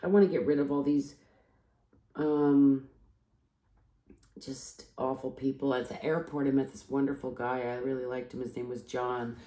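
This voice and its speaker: Tired, rambling low-voiced woman. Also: flat delivery, normal speed, pauses often, mellow. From US East Coast. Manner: rambling, digressive, frequent restarts and asides. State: tired after travel. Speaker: vlogger. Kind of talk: rambling personal vlog. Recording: echoey room.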